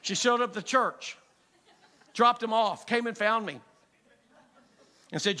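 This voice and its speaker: A middle-aged pastor preaches with a high, bright voice. He tells a funny story and moves easily from soft, low asides to loud punchlines. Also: slow, slight background noise. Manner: humorous storytelling, animated, swings from soft to loud. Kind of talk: sermon. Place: church sanctuary.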